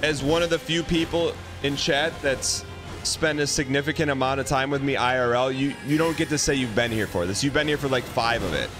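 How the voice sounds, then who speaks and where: A man streaming a game and chatting casually with his audience. He talks in a quick-witted, teasing way, trading jokes with his chat. Loud game music plays steadily behind his voice. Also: mid-range voice. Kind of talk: casual live-stream chat while gaming.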